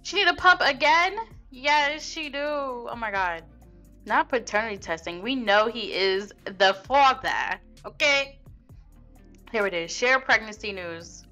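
A woman's voice: fairly high pitch, slow pace, sharp tone, highs cut off, faint music behind. A young woman casually commenting on her life-sim gameplay, chatty and slangy, laughing at what her characters do. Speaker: Sims let's play host.

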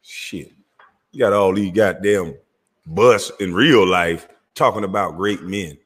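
A deep-voiced show host with a husky Southern twang takes it slowly, yet rants loudly and animatedly, cursing freely and breaking into laughter. The casual, profane talk on his own show rings with a long reverb.

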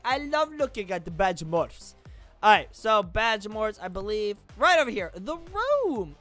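A woman with a high, very lively voice gives silly, exclamatory gameplay commentary. Her pitch jumps all over as she talks, with faint game music behind her. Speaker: gaming YouTuber.

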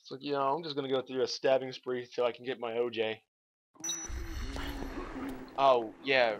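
A young man giving casual, profane commentary while playing a video game. He talks to himself in a low, offhand voice and keeps breaking into shouts at the enemies. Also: level tone, moderate pace, long pauses, music in the background. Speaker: let's play gamer.

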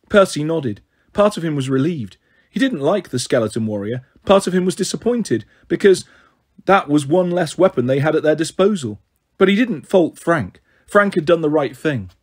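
Husky-voiced male storyteller. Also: fairly high pitch. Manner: steady, even storytelling read. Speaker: audiobook narrator. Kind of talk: scripted story narration.

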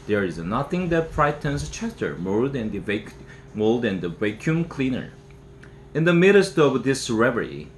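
A man, native Korean speaker and English teacher, reading a novel aloud in a steady storybook manner. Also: medium pitch. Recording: roomy room echo, faint hiss.

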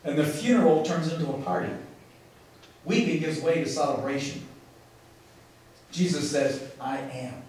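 A man preaches with emphasis and dramatic pauses, his voice sitting a little high. He is picked up from a distance in a church, and the sound rings with heavy echo. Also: a little mellow, slight background noise. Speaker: pastor. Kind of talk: sermon. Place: church sanctuary. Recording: echoey, from far off in a large room.

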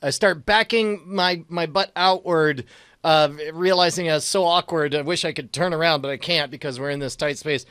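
A man's voice: a little high, moderate pace, a bit bright, clean tone, no echo, clean studio sound. A man playing a tabletop game, talking in a hesitant, stammering way. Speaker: player.

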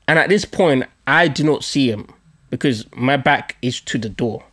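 A man's voice: medium pitch, normal speed. A man hosting a podcast, telling a story in a casual, profane, self-mocking way. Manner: animated, profane, laughing at himself. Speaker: podcast host.

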